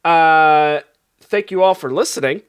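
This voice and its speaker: A man's voice: on the high side, unhurried, clean tone. A young man hosting an improv comedy game show, loose, rambling and often laughing. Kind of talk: casual comedic podcast hosting.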